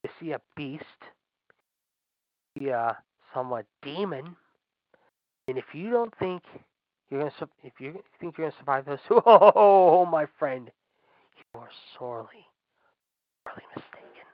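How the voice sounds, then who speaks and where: Fired-up male podcast host, sarcastic and foul-mouthed, slightly high voice, dull lo-fi sound. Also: lively intonation, measured pace, pauses often, no echo. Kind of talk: ranting commentary. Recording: dull lo-fi dry recording.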